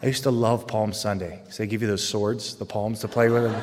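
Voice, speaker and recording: Animated man speaking in a reverberant hall. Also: lowish voice, normal speed. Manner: animated, jokey, with loud excited bursts. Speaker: Catholic speaker. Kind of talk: humorous faith talk to a live audience. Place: large hall with audience.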